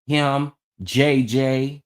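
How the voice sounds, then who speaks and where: With a mid-range, clean tone, he draws out his words. The man hosts a casual gossip chat, telling stories to his audience with lively animation and frequent laughs and exclamations.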